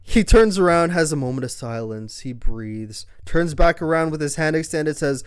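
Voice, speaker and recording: A man's voice: a little high, expressive, normal speed, smooth. A man recapping a wrestling show in casual, rambling chat, full of fillers and offhand swearing.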